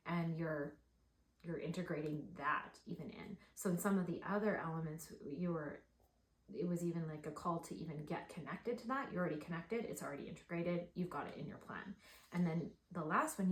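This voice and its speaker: A woman reads oracle cards in an excited, gushing rush, filling her talk with "like". Her voice sits a little low. The sound is roomy and echoey. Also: moderate pace. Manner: excited, gushing, heavy use of "like". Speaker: oracle card reader. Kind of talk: spiritual card reading. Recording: echoey room.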